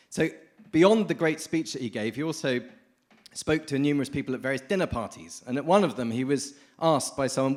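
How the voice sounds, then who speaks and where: A man from the United Kingdom giving a lively, informal conference talk, often addressing the audience directly. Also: mid-range voice. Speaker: conference speaker. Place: conference hall.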